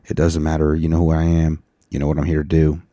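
A man hosting a casual solo podcast, tired and rambling, profane, sometimes breaking into loud rants, speaking into a mic on a stand. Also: very deep voice, monotone, quick pace, no echo, clean studio sound. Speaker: podcast host. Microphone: studio mic on a stand.

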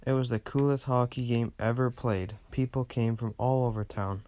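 A man reading a children's storybook aloud with gentle, steady storytelling. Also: medium pitch, moderate pace, soft background music. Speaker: narrator.

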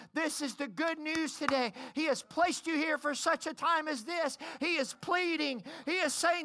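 A woman preacher giving an impassioned, pleading sermon at a church service, her voice rising to shouts. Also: high voice, normal speed.

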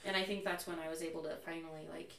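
Here a young woman guest in a relaxed interview talks fast in a low, creaky voice, candidly recounting stories and performing other people's lines with lively animation. Her voice sits at a distance from the microphone in an echoing room.

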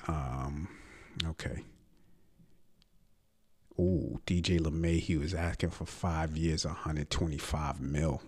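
Brash, husky New sports ranter. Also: male voice, very deep voice, fairly even intonation, takes it slowly, pauses often, darkish tone. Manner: brash, profane, mocking. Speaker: sports podcast host. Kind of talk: profane sports rant.

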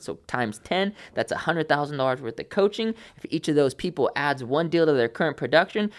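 A young man in his twenties, a podcast guest, telling a story in a lively way and acting out the people he quotes. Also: a little high. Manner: animated, acts out quoted voices. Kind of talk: casual storytelling.

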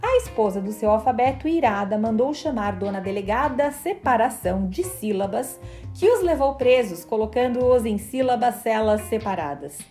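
A woman reading a children's story aloud in a gentle storytelling manner. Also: on the high side, animated, a little fast. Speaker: narrator. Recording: faint background music.

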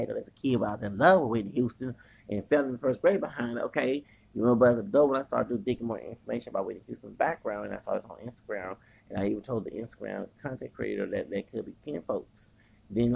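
Gravelly ranting podcast host. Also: mid-range voice, quick pace, muffled recording. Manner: heated, cursing, stumbling restarts, repeated "okay?". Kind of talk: heated profane rant.

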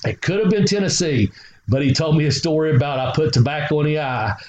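A man's voice: fairly high pitch, animated, fast talker, darkish tone. A man, a guest telling rambling stories and swearing freely. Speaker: guest, former wrestler. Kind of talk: casual storytelling. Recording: roomy, slightly dull recording.

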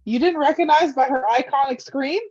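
A woman's voice: high voice, brisk, a little mellow. A woman co-hosting a podcast, chatting casually with brief, dry remarks. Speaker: podcast co-host. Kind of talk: casual chat. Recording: slightly dull sound.

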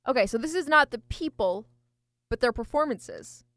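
A woman's voice: a little high, expressive, normal speed, a bit bright, no room sound, clean studio sound. A woman co-hosting a casual chat, effusive and laughing, stammering as she agonizes over choices. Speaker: podcast co-host.

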